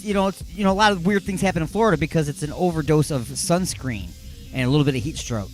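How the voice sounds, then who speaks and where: A middle-aged man hosting a call-in radio show from a studio, joking and rambling excitedly. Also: on the high side, fast talker, soft background music. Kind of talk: casual call-in radio chat.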